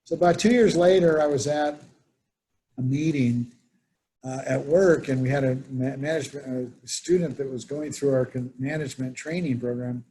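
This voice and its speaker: A man's voice: mid-range voice, normal speed, warm tone, a little hiss or hum. A man presenting a workshop, telling anecdotes and acting out the people he quotes. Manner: storytelling, acts out quoted voices. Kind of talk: conversational workshop talk.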